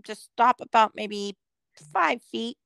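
Brief: high, animated woman, bright sharp tone, dry close sound, profane sidekick banter. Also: slow, vocal fry, no echo. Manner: laughing, swearing agreement and quips. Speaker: podcast co-host. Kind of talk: casual chat.

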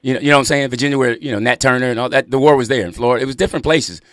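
A man who is a comedian guest in a radio studio, chatting casually and telling stories in an animated way. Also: mid-range voice, very fast, no room sound. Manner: animated storyteller, lively asides.

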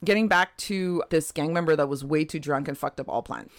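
A woman's voice: deep voice, fairly quick. A woman co-hosting a podcast, telling a true crime case in a casual way with frequent laughs and chatty asides. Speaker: podcast co-host.

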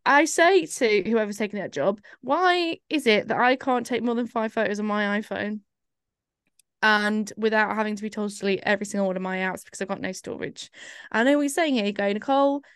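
A woman's voice: on the high side, dry recording, studio quality. A woman co-hosting a podcast, chatting casually in a rambling, self-mocking way. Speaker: podcast co-host. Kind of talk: casual chat.

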